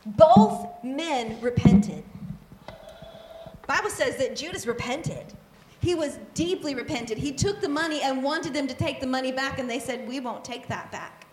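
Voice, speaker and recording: High-voiced woman preaching a lively sermon. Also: roomy sound, slight background noise. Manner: animated and conversational, with quick asides and repetition.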